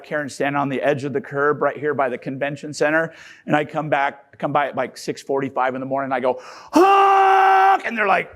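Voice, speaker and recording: A man emceeing a convention from the stage, telling a lively anecdote and acting out both sides before bringing on the next speaker. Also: a little high. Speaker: event emcee. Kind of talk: energetic stage introduction.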